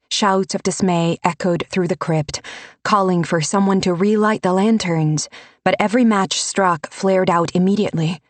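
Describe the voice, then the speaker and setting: A woman narrating a fantasy audiobook in a measured, unhurried storytelling manner. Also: fairly low pitch, dry recording.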